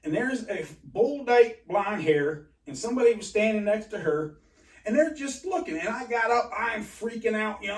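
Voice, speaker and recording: A man telling a rambling personal story in an agitated, halting way, full of restarts and swearing. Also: high-pitched, animated. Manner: profane. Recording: roomy and distant from mic.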